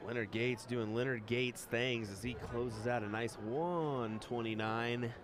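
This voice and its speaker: A Midwestern American man co-commentates a darts match, easygoing and agreeable. His voice is mid-pitched and plain. A loud, busy crowd carries on all around his mic. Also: fairly even intonation, measured pace. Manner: easygoing, laughs along, agreeable. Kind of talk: live sports commentary.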